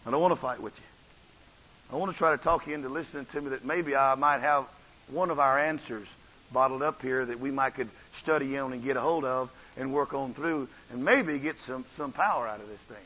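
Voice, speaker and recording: A man preaching a revival sermon, swinging from soft asides to shouted runs. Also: medium pitch, a little fast, husky, lo-fi sound. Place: church.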